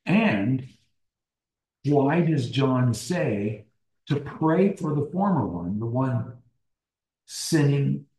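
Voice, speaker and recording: A man leads a small-group Bible study at an unhurried pace, circling back over his phrases and putting questions to the group. His tone is mellow and low-lit, and the room around him gives off a noticeable echo. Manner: deliberate, restating phrases and posing questions to the group. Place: church meeting room. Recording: roomy echo.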